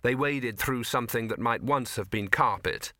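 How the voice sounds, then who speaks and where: A man narrating an audiobook with measured, even storytelling. His voice is bright and forward. The recording is close and dry. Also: medium pitch, no room sound. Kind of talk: scripted narration.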